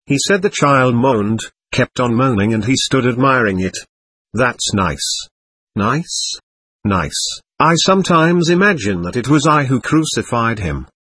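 A man voicing an excitable, capricious teenage girl, talking intensely and darting between teasing and pleading. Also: mid-range voice, normal speed, slightly rough, dry recording. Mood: feverish.

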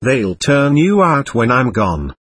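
This is a proud gentleman in an audiobook, irritated and stern as he issues warnings, read by a man. The voice is slightly husky, and the pitch moves in lively swings. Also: slow, dry recording, heavily acted.

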